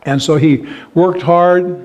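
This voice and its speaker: A man preaching an earnest sermon of encouragement with a slightly high voice. He reads scripture aloud and keeps checking in with his listeners. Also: steady tone, takes it slowly, a little mellow. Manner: calls out "Amen?" to the congregation. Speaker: pastor.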